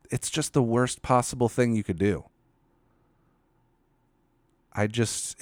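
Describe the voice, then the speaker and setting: A man's voice: lowish voice, no room sound, studio quality. A man giving a solo commentary rant, profane, sardonic and incredulous.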